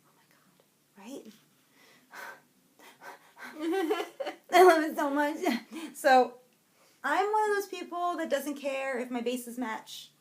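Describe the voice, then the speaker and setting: A young adult woman co-hosting a podcast, chatting casually and excitedly about yarn she bought, rambling and breaking off her own sentences. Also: high-pitched, takes it slowly, long pauses. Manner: bubbly, rambling, self-interrupting. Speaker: podcast co-host.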